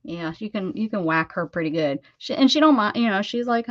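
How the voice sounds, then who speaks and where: A woman's voice: mid-range voice, expressive, fairly quick. Chatty woman crafting on a dull stream. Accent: American. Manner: chatty, talks baby-talk to her cat. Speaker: craft livestream host. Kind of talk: casual chat while crafting.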